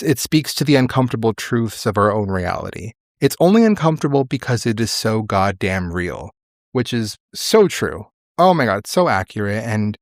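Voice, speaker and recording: A man's voice: fairly low pitch, no room sound, clean studio sound. Candid young man hosting a podcast. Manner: candid, emotional, swears freely. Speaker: podcast host. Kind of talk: casual solo podcast talk.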